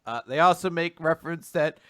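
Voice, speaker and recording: A man co-hosting a casual manga recap podcast, animated, laughing often and acting out characters' lines. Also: fairly high pitch, a little fast, no echo, clean studio sound. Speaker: podcast co-host.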